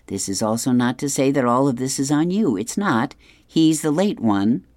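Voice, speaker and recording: Chuckling as he reads, a radio host goes through an advice column and describes comic strips aloud, amused and taking his time. The voice is medium in pitch, animated and a little mellow, and the recording has no room sound.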